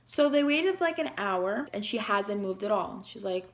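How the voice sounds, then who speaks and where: A woman's voice: medium pitch, animated, moderate pace, few pauses. Chatty young woman telling a personal story. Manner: chatty, emotional retelling full of "like". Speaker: beauty vlogger.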